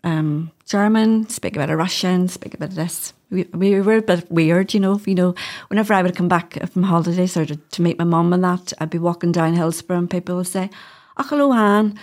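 Chatty Northern Irish woman, low voice. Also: steady tone, brisk, hardly any pauses, a little mellow. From Northern Ireland. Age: middle-aged. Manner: chatty storyteller, laughs often, uses "wee". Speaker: doula, podcast guest. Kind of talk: casual interview chat.

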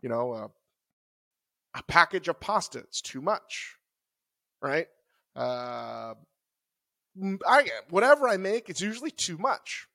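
A man's voice: a little high, big pitch swings, takes it slowly, creaky, pauses often, bright, forceful tone, no echo. A man co-hosting a podcast, talking in a loose, rambling, conversational way. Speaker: podcast co-host. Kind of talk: casual chat.

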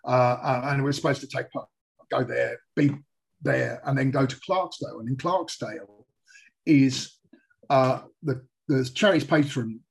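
A man's voice: medium pitch, creaky, a little mellow, husky. An English man talking casually as a guest, hesitant, with many fillers and restarts. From England. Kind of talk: casual chat.

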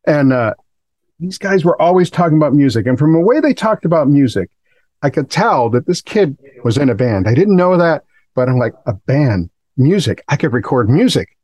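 A man's voice: on the high side, very animated, a little fast, darkish tone, dry recording. A middle-aged man from Massachusetts telling stories as a guest in a casual podcast interview, in a rambling, self-deprecating way. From Massachusetts, USA. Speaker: guest, recording engineer.

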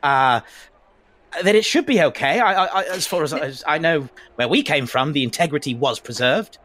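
A man's voice: animated, fairly bright tone. A man voicing a stammering, eager fan. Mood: explaining. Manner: stammering, eager, high and quick. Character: eager, rambling fan, a bit flustered.

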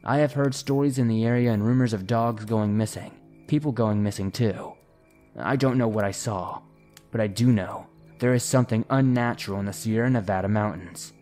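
A man narrating listener-submitted horror stories, slowing and hushing his delivery at the tense moments. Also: fairly low pitch, soft background music.

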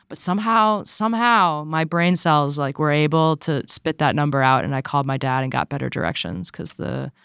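Chatty woman with a smooth voice. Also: low voice, a bit bright, dry recording, studio quality. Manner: chatty, rambling with many "like" fillers. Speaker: podcast co-host. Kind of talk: casual chat.

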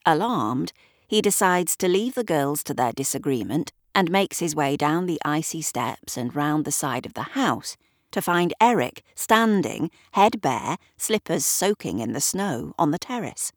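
A woman reading a story aloud in a measured, wry storybook narration. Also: low voice, lively intonation, no room sound, clean studio sound. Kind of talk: scripted narration.

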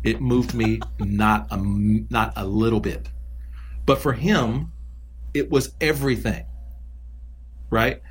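A man's voice: fairly low pitch, slow pace, long pauses, a little hiss or hum. A man who mentors kids, talking in a casual podcast conversation and telling earnest stories with repeated phrases for emphasis.

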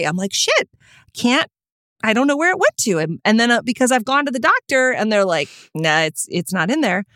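A woman co-hosting a podcast, telling a story in casual chat, animated and swearing freely. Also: dry recording, clean studio sound. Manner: animated, swearing, big pitch jumps when excited. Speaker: podcast co-host.

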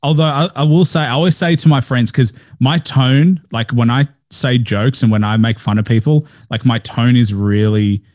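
Deadpan man with a dry, even delivery. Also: medium pitch, normal speed, hardly any pauses, dry recording. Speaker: podcast host. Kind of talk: casual interview chat.

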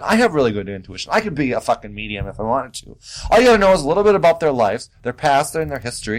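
A man hosting his own podcast, talking in a sassy, animated way with big jumps in pitch. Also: low-quality recording. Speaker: podcast host. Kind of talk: casual solo podcast monologue.

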